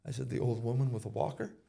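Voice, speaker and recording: A man's voice: mid-range voice, quick pace, gravelly, mellow. A man giving an interview, telling a personal story and retelling conversations in casual quoted speech. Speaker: interview guest.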